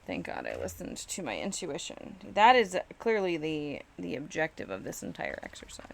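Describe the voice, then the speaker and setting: Exasperated, self-mocking woman with a gravelly edge. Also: deep voice, wildly swooping pitch, normal speed, slight background noise. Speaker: crafter streaming live. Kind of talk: casual live-stream chatter while crafting. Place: home craft studio.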